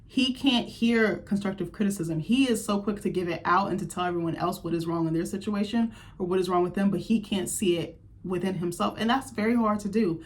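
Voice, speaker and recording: A woman's voice: medium pitch, a little fast. A woman giving a candid, chatty recap of a TV episode in her vlog, sharing her opinions with plenty of fillers. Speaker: TV recap vlogger.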